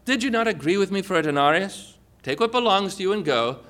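Man as calm male vineyard owner, generous, firm, measured. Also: sits high.

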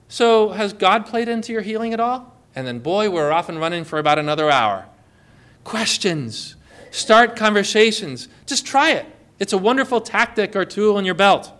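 A man's voice: high voice, a bit bright. A man giving an informal Christian teaching talk outdoors on a boat, conversational and full of rhetorical questions and stories.

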